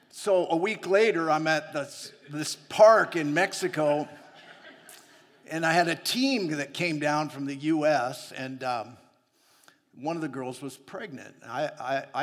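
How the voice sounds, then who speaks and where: Telling stories from his own life in a sermon, this missionary preacher is chatty and laughs often between lines. He has a mid-range, fairly bright voice, and the recording carries long hall reverb.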